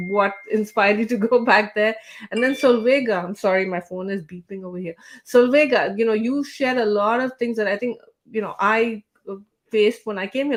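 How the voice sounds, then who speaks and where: A woman hosting a live panel over a video call, talking earnestly with many fillers and restarts. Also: mid-range voice. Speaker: host.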